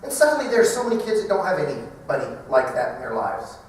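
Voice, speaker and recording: A middle-aged man speaking at a banquet, telling a funny personal story in an animated way and acting out the voices. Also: high voice, fast, a little hiss or hum. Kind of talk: humorous storytelling talk. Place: large banquet hall. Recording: echoey hall from far off.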